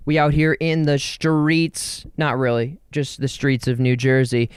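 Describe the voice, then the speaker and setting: Rambling, jokey man with a smooth voice. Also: medium pitch, little pitch movement, a little slow, dry recording, studio quality. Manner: rambling and jokey, spells words aloud. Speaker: podcast host. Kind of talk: casual solo podcast chat. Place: home in New Jersey.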